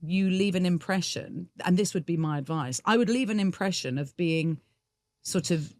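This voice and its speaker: A woman's voice: fairly low pitch, normal speed, dry recording, clean studio sound. A middle-aged woman, a musical theatre actress, talking candidly and laughing easily in a podcast interview. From England.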